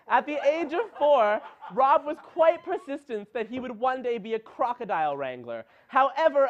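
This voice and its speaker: A young man reading a scripted comic segment in a mock-promotional, deadpan manner. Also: high-pitched. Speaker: segment narrator. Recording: dull lo-fi sound.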